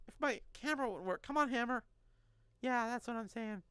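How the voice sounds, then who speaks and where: A woman's voice: high-pitched, brisk, a bit bright, no echo. A woman in her thirties streaming live, chatting casually and joking as she answers chat messages.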